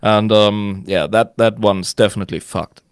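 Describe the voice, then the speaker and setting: A man's voice: on the low side, fairly even intonation, normal speed, clean tone, no echo, studio quality. A man with a German accent chatting casually, hesitating with many fillers, swearing and laughing. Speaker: guest, German teacher living in Switzerland. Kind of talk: casual podcast chat.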